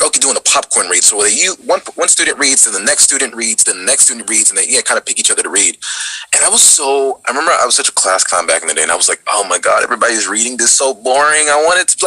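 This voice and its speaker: A man in his twenties from Texas, a voice actor chatting casually on a video call as he tells his story in a relaxed, lively way. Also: medium pitch, husky, no room sound, poor audio. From Dallas, Texas. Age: 20s. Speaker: voice actor guest.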